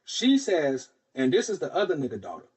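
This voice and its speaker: Husky dude telling a long story on a podcast, does everybody's voices. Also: male voice, a little high, fairly quick. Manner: animated, acts out quoted voices. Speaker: podcast host. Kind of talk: casual storytelling.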